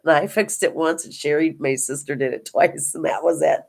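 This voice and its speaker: With a low, creaky voice and a fairly quick pace, this older woman from Minnesota talks to viewers about diamond painting. She drifts into homey family stories, rambling and restarting many times.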